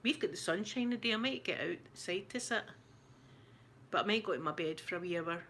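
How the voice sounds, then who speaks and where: A Scottish woman hosting an ASMR channel rambles casually to her live-stream viewers, laughing often. Her voice is fairly low and a bit bright, her pace brisk, with a little hiss or hum underneath.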